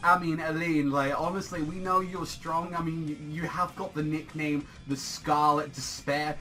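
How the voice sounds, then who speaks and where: Man, manga review vlog, excitable, swears a lot, rambling, bright voice, slightly high pitch. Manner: excitable, profane, rambling with many fillers. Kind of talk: casual video review.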